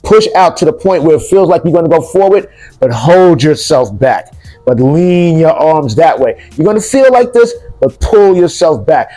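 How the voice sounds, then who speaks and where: A man's voice: fairly high pitch, animated, moderate pace, mellow, soft background music. A man teaching martial arts, guiding students step by step through a breathing and stick exercise. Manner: directive, coaching step by step. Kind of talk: exercise demonstration.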